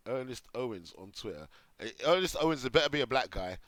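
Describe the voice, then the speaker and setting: A man's voice: medium pitch, very animated, fast, a bit bright, no room sound. A middle-aged man from Jamaica giving off-the-cuff commentary, reading articles aloud and reacting with sarcasm. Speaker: commentary host.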